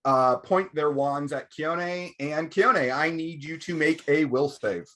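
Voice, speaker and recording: Man running a tabletop game, pausing. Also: on the high side, fairly bright tone. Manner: measured, often pausing with fillers. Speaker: game master.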